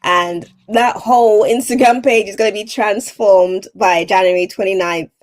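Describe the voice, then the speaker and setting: A woman of medium pitch and moderate pace, a TV presenter and voice-over artist, talks as a podcast guest. Her motivational advice in conversation is earnest and encouraging, with the important points repeated.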